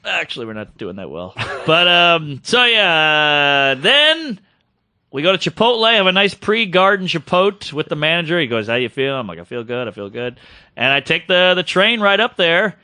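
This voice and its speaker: Male podcast co-host, animated storyteller who does quick voices, bright tone, dry mic. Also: a little high, no echo. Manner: animated, acts out other people's voices in his story. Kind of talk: casual storytelling chat.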